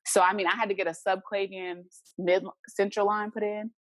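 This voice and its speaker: Fast-talking woman telling a story. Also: mid-range voice, no echo. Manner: animated, acts out the voices of people in her story. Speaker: interview guest. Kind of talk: casual storytelling in an interview.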